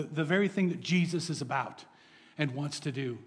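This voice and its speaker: A man's voice: on the high side, lively intonation, normal speed, in a large hall. A male pastor preaching an earnest, encouraging sermon, often repeating words as he goes.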